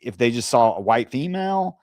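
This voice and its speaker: A man co-hosting a casual discussion, speaking in a measured, careful way with pauses and fillers. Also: mid-range voice, big pitch swings, a little mellow, dry recording, studio quality. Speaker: co-host.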